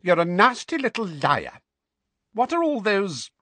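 A man voicing a thin, sharp-tongued aunt in a high, shrill, accusing tone. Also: wildly swooping pitch, brisk, no echo, exaggerated voice.

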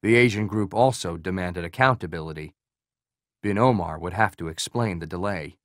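A man's voice: low-pitched, moderate pace, no room sound, clean studio sound. Man narrating a thriller audiobook.

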